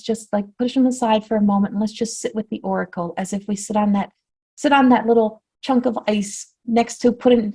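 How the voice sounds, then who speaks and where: A woman spiritual teacher giving a flowing talk before a guided meditation, repeating and rephrasing, often dropping to a soft hush. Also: mid-range voice. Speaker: spiritual teacher and oracle card reader.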